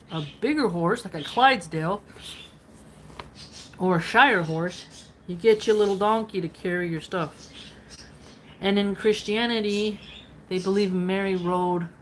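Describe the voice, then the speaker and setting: A woman with a lowish voice hosts a philosophy reading. She reads passages aloud and stops often to unpack them in a chatty, playful way, full of casual asides. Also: slight background noise, low-quality recording. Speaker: philosophy channel host.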